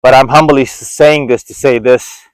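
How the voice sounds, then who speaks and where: An earnest man in his forties muses aloud while out on a walk. He speaks at a middle pitch and often restarts his sentences. His voice comes across dry and close. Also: fairly even intonation, normal speed, clean tone, no echo, low-quality recording. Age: 40s. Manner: earnest, reflective, with frequent restarts. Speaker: vlogger. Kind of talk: reflective walk-and-talk monologue. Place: outdoors on a walk.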